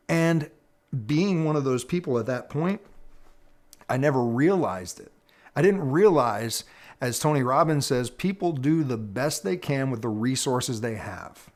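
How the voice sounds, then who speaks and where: A middle-aged man speaking earnestly to viewers about personal growth, telling his own story in a measured, reflective way with pauses. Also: medium pitch. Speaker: personal development teacher. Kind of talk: reflective personal talk to camera.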